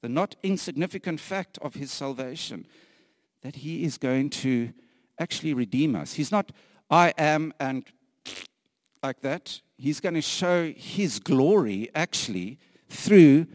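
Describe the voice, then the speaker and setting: A man delivers a sermon at a very slow, deliberate pace, leaning on repeated phrases. He is earnest and emphatic, sometimes sinking to a hushed whisper and letting a light laugh slip between points. The sound is dry and close, with no room echo. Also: a little high, lively intonation. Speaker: preacher.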